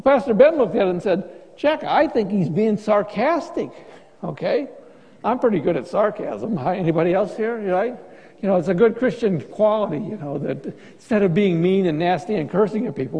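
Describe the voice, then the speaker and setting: A man's voice: sits high, animated, fairly quick, creaky, mellow, long reverb tail, highs cut off. A man preaching a sermon as pastor, in a conversational, joking way with many restarts.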